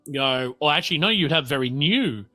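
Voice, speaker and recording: A man with an Australian accent running a tabletop game as game master, narrating in a relaxed, rambling way with many fillers. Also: a little high, a little fast.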